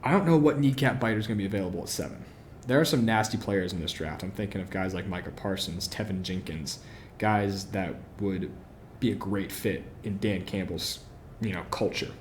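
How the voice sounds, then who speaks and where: An opinionated man hosts a football podcast on his own, posing questions and then answering them with plenty of "you know" and "um." His voice sits on the low side. A faint hiss of background noise runs under the recording. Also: a little fast. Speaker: podcast host. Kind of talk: solo football analysis podcast.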